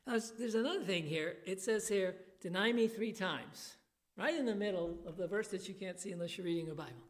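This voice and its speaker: A woman preaching a sermon in a church on a handheld microphone, slow and emphatic, turning animated when she voices the people in the passage. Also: medium pitch.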